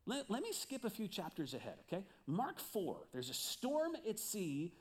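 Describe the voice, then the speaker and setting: A man preaching a sermon as pastor, animated and questioning his listeners. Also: high voice, normal speed.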